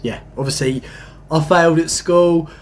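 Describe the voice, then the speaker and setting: A young man, rambling excitedly about spiritual matters, swinging from hushed asides to emphatic bursts and swearing casually. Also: fairly high pitch, normal speed, a little hiss or hum. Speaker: spiritual channel host.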